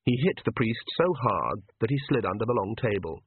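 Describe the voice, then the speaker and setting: Husky man narrating an audiobook. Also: lowish voice, no echo. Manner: measured, expressive storytelling. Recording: tinny phone-like audio, dry.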